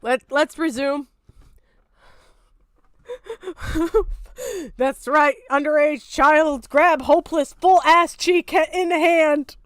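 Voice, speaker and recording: A young woman streaming a reaction, blunt and profane, exasperated and often shouting in disbelief. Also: high-pitched, steady tone, takes it slowly, pauses often, no room sound, clean studio sound. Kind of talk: casual reaction commentary.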